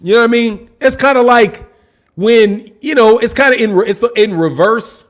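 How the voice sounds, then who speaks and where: Very high-voiced and moderately paced, he hosts a boxing channel. His casual livestream commentary is full of slang aimed at his chat, and he repeats himself for emphasis.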